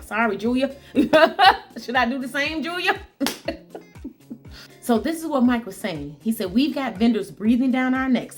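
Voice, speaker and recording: A woman vlogger telling a work story to her viewers, chatty and repetitive, calling them guys and y'all. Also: medium pitch. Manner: chatty, repeats lines for emphasis, talks to "guys" and "y'all". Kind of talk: casual storytelling to camera.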